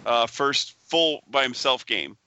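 A man's voice: mid-range voice, expressive, slow, pushed and bright, dry recording, muffled recording. A man hosting a casual pinball podcast, teasing his co-host and gloating with enthusiasm.

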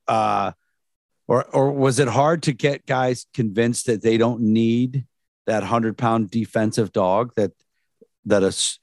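A man's voice: mid-range voice, a little mellow, dry recording, studio quality. A man who was a beat cop and police dog handler, reflecting in a rambling way during casual podcast chat.

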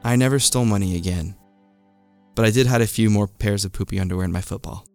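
A man tells a funny true story in a wry, deadpan way. His voice sits low with a gravelly edge. The recording is dry and close, with a faint music bed underneath. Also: fast, dry recording. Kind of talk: first-person comic storytelling.

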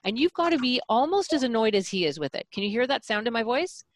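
A woman's voice: a little high, quick pace, dry recording. A middle-aged woman coaching a parent, explaining techniques and acting out examples. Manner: animated, demonstrative, explains with acted examples. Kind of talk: coaching talk.

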